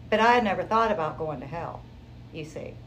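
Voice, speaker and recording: A woman sharing her personal testimony in an interview, telling it in a lively, conversational way. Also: low-pitched, fairly quick, slight background noise, rough recording. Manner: animated, conversational storytelling.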